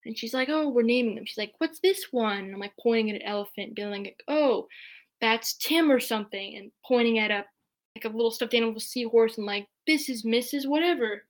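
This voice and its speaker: A woman's voice: on the high side, fairly quick. A woman telling a personal story in a casual, chatty way, with many fillers. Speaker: podcast guest.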